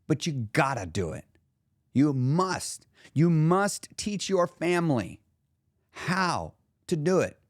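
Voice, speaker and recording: A man's voice: high-pitched, no echo, studio quality. A man hosting a podcast as a weight-loss coach, telling stories in a casual, motivational way with occasional swearing. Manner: conversational storyteller, occasional swearing.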